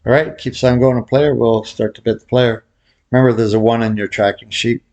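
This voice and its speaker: A man's voice: mid-range voice, steady tone, fairly quick, a little mellow, muffled recording. A middle-aged man giving a casual tutorial, rambling and joking at his own expense, with a slight whistle from a cracked tooth. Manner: rambling, jokey, laughs at himself. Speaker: baccarat instructor.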